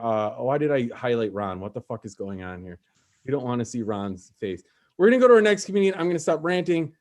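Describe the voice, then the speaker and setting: A man's voice: medium pitch, sing-song, fairly quick. Rambling, profane man hosting an open mic. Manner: loose, profane, rambling storyteller. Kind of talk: casual comedy ranting.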